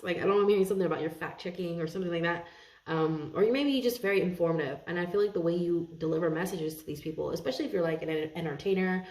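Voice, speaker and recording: A woman giving a casual tarot reading to her viewers, chatty, laughing often and thinking aloud with many pauses and restarts. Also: on the low side, a little mellow. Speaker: tarot reader. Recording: roomy echo.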